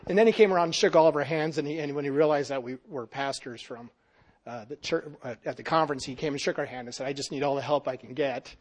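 A man's voice: mid-range voice, fast talker. Rambling male pastor telling a story. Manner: rambling, with many fillers and restarts. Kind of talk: storytelling in casual group talk.

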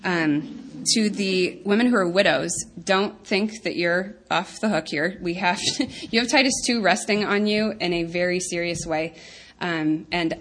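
Woman, 30s, women's ministry speaker; earnest and chatty, lowish voice. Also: measured pace, hardly any pauses, fairly bright tone. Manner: earnest, chatty, many ums and asides. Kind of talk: talk to a women's group.

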